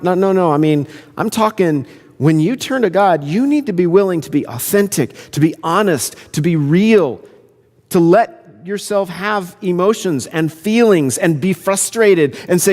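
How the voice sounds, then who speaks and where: A man's voice: high voice, big pitch swings, moderate pace, a little mellow, long reverb tail. A man pastor preaching a sermon in an earnest, conversational way. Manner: conversational, earnest, self-interrupting.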